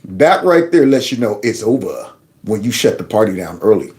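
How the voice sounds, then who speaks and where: A man's voice: fairly low pitch, big pitch swings, moderate pace, darkish tone, soft background music. Mocking man commenting on news clips. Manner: mocking, playful, acts out quotes. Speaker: host.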